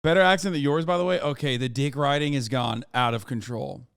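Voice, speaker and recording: Sex: man. Role: streamer host. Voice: clear, dry. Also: medium pitch, brisk, a bit bright, no echo. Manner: blunt, profane, riffing. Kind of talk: casual reaction commentary.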